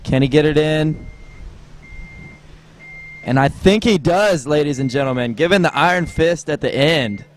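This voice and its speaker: A man's voice: on the high side, a little slow, long pauses, slight background noise. A man giving joking live commentary on a water ski tournament, with a wry, teasing delivery. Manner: wry, teasing, deadpan jokes.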